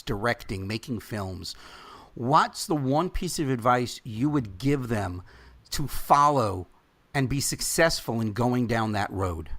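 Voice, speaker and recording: A man's voice: medium pitch, a bit bright. Earnest man hosting an interview. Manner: earnest and emphatic, addresses listeners directly. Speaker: podcast host.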